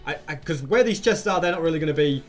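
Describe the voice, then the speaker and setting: A man's voice: fairly high pitch, animated, quick pace, faint music behind. A young man narrating his own gameplay in a chatty way, asking viewers rhetorical questions as he goes. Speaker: Minecraft YouTuber. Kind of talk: gameplay commentary.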